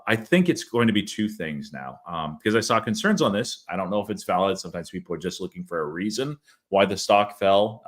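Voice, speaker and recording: Low-voiced man musing over stocks. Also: a bit bright. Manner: thinking aloud with frequent "like" and "uh". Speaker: channel host. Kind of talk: casual stock market discussion.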